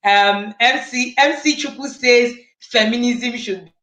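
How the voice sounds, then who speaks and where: A woman's voice: fairly high pitch, takes it slowly, fairly bright tone, reverberant. A woman hosting and moderating a panel discussion, reflective and affirming, often humming in agreement. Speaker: host and moderator.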